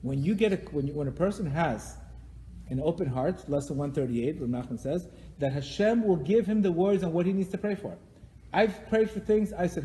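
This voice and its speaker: A man's voice: fairly high pitch, normal speed, dark tone, a little hiss or hum. Emphatic man teaching in a reverberant hall. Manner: emphatic, repeats phrases, acts out quoted prayers. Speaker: teacher leading a weekly class. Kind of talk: live Torah class. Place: synagogue or class hall.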